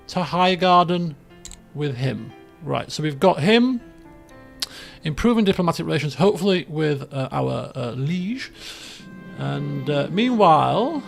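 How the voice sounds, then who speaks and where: A man with a high, gravelly voice gives casual gameplay commentary over faint game music. He rambles with plenty of fillers and breaks into excited outbursts. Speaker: let's play gamer.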